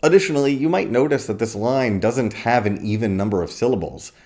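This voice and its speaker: A man giving a scripted video lecture on poetry, measured and explanatory, reading verse lines slowly. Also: mid-range voice, animated, darkish tone. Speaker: literature lecturer.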